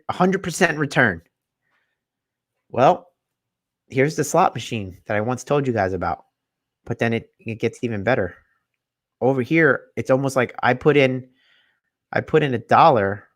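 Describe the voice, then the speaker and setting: A man hosting his own video, giving an animated and emphatic explainer presentation to viewers. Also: medium pitch, no room sound, studio quality. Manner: animated, emphatic, repeats himself. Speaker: finance video host.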